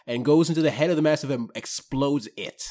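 A man narrating as game master of a tabletop role-playing game, lively and often laughing. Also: on the high side, a little fast.

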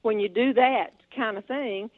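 A woman's voice: on the high side, measured pace. A woman in her seventies, a comedian guest telling stories down the phone, chatty and laughing often. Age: 70s. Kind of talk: storytelling in a phone interview. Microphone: telephone. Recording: tinny phone line.

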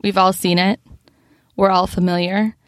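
A woman's voice: medium pitch, level tone, moderate pace, no echo, clean studio sound. Giggly Midwestern woman co-hosting a podcast. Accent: Midwestern American. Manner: laughs often, self-mocking. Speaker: podcast co-host. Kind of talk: casual chat.

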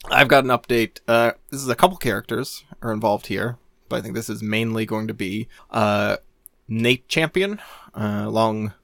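A man's voice: fairly low pitch, moderate pace, creaky, fairly bright tone, no echo, studio quality. A man on a casual podcast telling a long rambling story, laughing often and restarting his sentences. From Maine, USA. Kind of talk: casual chat.

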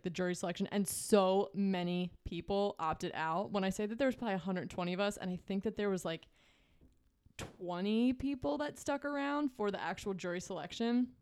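A young woman co-hosting a podcast, telling a story in a casual chat with many fillers and frequent laughs. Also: medium pitch. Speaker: podcast co-host.

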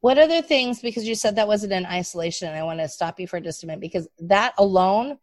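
A woman's voice: medium pitch, expressive, fast, no room sound. A woman in a casual interview, breaking in to explain and advise.

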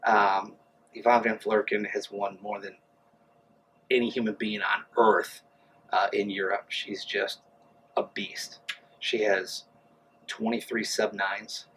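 Animated man telling a story. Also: on the low side, slow, long pauses, a little hiss or hum, poor audio. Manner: animated storyteller acting out quoted voices. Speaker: guest, amateur triathlete. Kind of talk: casual storytelling interview.

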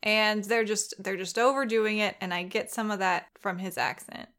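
A woman co-hosting a casual podcast chat with dry, deadpan teasing. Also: mid-range voice, moderate pace. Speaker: podcast co-host.

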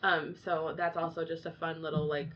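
A woman co-hosting a casual chat, rambling and animated with many fillers. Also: deep voice, normal speed, background noise. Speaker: podcast co-host. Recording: dull lo-fi sound.

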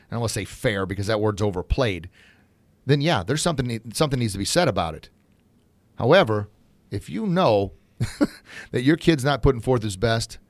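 A man's voice: on the low side, no echo. A middle-aged man hosting a podcast and running a martial arts academy, talking with earnest passion and calling his listeners folks.

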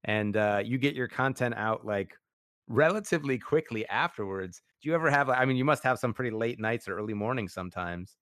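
A man's voice: mid-range voice, lively intonation, fairly quick, fairly bright tone, no echo, clean studio sound. A man hosting a casual interview, enthusiastic and full of fillers like "like" and "you know". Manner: enthusiastic, heavy use of "like" and fillers. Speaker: podcast host.

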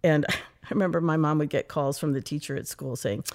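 A middle-aged woman from the United States, an interview guest, telling stories in a lively, chatty way and acting out her past self. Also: low-pitched, brisk. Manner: animated, quotes her past self, frequent laughs and "like". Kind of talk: casual interview storytelling.

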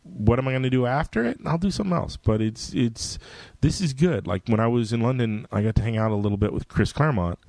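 A middle-aged man, a comic book writer, telling stories in casual conversation and jumping into loud voices for quoted lines. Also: medium pitch, fast talker, vocal fry, hardly any pauses, dry recording.

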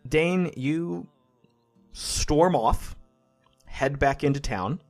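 A man narrating scenes as game master of a tabletop role-playing game, in measured scene-setting narration. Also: mid-range voice.

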